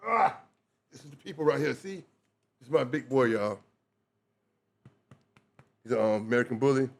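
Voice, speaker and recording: A man giving casual reaction commentary, loud and animated, cursing freely. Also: mid-range voice, vocal fry. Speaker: video reactor.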